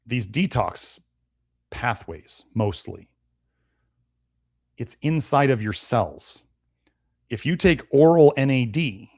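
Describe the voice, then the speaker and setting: A man hosting a nutrition live stream, answering viewer comments in a blunt, conversational and animated way. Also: mid-range voice, dry recording, studio quality. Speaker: nutrition show host.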